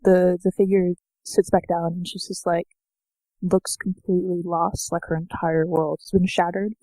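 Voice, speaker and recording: Low-voiced woman game master. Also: flat delivery, normal speed, dark tone, dry recording, rough recording. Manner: casual, descriptive narration with fillers. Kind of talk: narrating a tabletop game.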